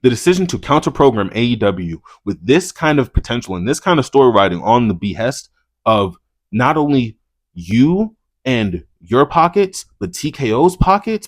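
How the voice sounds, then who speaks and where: A male wrestling reviewer talking off the cuff in a plain, mid-pitched voice. He rambles, swears a lot and stumbles over his words when he gets worked up. The sound is close and dry, with no room around it. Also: sing-song, moderate pace, dry recording. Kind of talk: casual profane commentary.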